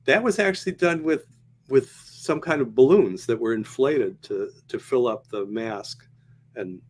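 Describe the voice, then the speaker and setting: A man's voice: mid-range voice, expressive, unhurried, slight background noise. A man who is a podcast guest, chatting casually and chuckling often. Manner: chuckling, easygoing. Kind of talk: casual chat.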